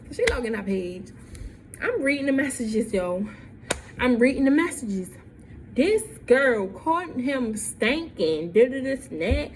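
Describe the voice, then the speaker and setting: A young woman vlogger tells a story in an animated way, repeating lines and acting out what people said. Her voice is a little high and unhurried, with slight background noise.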